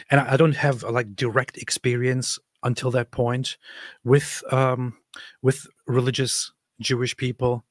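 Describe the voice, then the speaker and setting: A man telling a personal story in a reflective, halting way, often restarting his sentences. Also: medium pitch, dry recording, clean studio sound. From United States.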